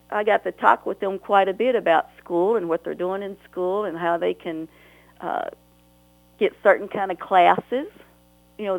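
A woman's voice: on the low side, dry recording, low-quality recording. A woman author talking earnestly and emotionally as a guest on a radio interview, rambling at times.

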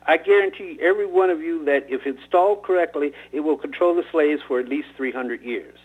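Subdued young man, quiet and reluctant, husky tone, read by a man. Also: on the high side, a little fast. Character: subdued young man reading aloud under threat. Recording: tinny phone-like radio line.

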